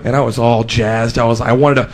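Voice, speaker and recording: A man performing an animated stand-up comedy routine, jumping into high silly voices for the characters. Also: brisk. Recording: live club with crowd laughter and noise. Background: audience laughing.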